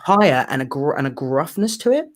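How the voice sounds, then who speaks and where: A man, hosting a casual live chat about singing theatre songs, talking quickly with frequent restarts. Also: on the high side, very animated. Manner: chatty, many restarts. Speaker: theatre singer and channel host.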